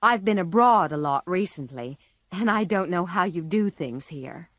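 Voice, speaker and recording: A woman's voice: fairly low pitch, expressive, moderate pace, a bit bright, no echo. A woman reading a shy polite teenage boy.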